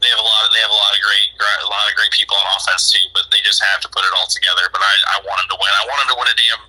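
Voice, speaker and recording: A man with a husky, bright edge to his low voice, rattling off his thoughts quickly. He rambles, restarts and repeats himself in relaxed sports talk, full of fillers. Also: low-quality recording. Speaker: podcast guest. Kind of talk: casual sports chat.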